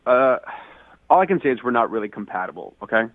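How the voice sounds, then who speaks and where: A man's voice: medium pitch, sing-song, quick pace, no room sound. A man on a radio call-in segment, indignant and exasperated, ranting about a date. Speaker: caller on a radio dating segment. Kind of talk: radio call-in phone conversation. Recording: tinny phone line.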